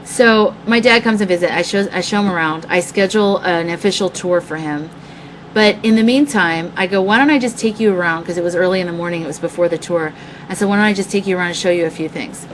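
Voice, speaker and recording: A woman's voice: lowish voice, fast, slight background noise, poor audio. A young woman telling a long story on her live stream, rambling and profane as she chats with her viewers. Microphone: webcam mic.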